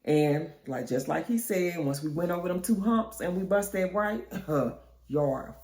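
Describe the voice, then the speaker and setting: Young woman storyteller, animated and laughing, echoey room. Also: lowish voice, a little slow. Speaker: storyteller vlogger. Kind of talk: casual storytime. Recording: roomy echo.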